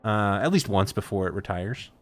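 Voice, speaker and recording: A man's voice: lowish voice, expressive, moderate pace. A man hosting a casual esports talk show, laid-back, with many uh and um fillers as he talks. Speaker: host.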